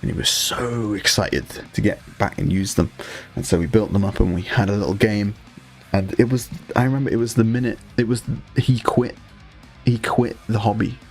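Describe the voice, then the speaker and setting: A young British man, a hobby streamer, chats casually with his live-stream audience and jokes with the chat, swearing as he goes. His voice is lowish with a steady tone and a moderate pace. Soft music plays in the background.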